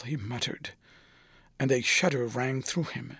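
A man narrating a classic novel in a measured, unhurried way. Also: mid-range voice, vocal fry, breathy edge, no room sound. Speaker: audiobook narrator.

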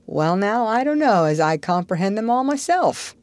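Gentle, bashful older farmer, slow to speak, as a woman puts him on. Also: medium pitch, big pitch swings, dry recording, pitched above the performer's own voice, close to an everyday voice. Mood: mild. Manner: hesitant, mild, folksy. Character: shy, gentle, older farmer man, Matthew.

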